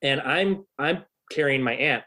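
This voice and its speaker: A man in his thirties, a musician guest on a podcast, telling a story in a casual, swearing, animated way. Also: medium pitch, a little slow. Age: 30s. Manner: swears freely, animated retelling.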